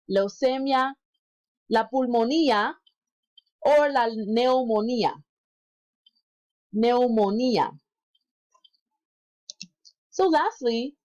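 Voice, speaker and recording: A woman as an instructor in a recorded lesson, patiently repeating words slowly for learners and correcting herself aloud. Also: fairly high pitch, a little mellow, rough recording. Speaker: Spanish instructor.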